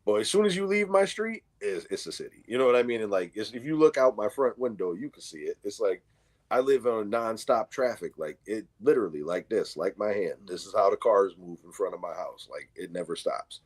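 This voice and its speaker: Man, middle-aged, New York accent, casual chat, animated, acts out quotes, cusses a lot, very lively pitch. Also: fairly quick. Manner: animated storyteller, acts out quotes, heavy swearing. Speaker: co-host.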